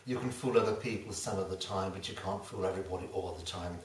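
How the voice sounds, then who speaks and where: A man's voice: sits low, quick pace. A man, a motivational speaker telling a folksy fable with a moral. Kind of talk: storytelling talk with a moral. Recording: roomy, distant mic, faint ambience.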